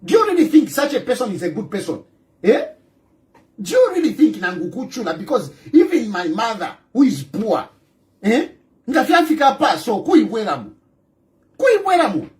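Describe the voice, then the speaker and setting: A man with a Zambian accent rants about politics in a fierce, animated voice that swings up and down. He drives each point home by repeating himself and throwing rhetorical questions at the listener, and he slips local-language phrases in among the English. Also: extremely high pitch, moderate pace. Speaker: political commentator. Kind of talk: ranting monologue.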